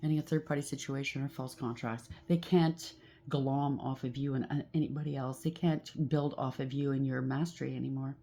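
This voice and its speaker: A woman's voice: very deep voice, steady tone, a little fast, mellow. A woman doing a casual tarot reading, blunt and emphatic, with a lot of repetition as she calls out the cards. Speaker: tarot reader.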